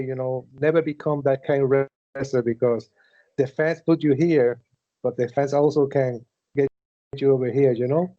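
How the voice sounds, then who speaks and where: Guy hosting, kinda dark mellow voice, dull flat-sounding audio, keeps saying you know. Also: medium pitch, moderate pace. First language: Spanish. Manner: friendly, repeats "you know", gives earnest advice. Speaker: wrestling interviewer, host. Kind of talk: casual interview.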